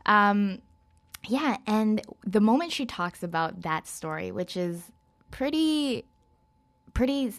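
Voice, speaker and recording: A woman's voice: medium pitch, animated, slow. A woman chatting casually as an interview guest, talking about films with lots of fillers and hedges. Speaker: guest film reviewer.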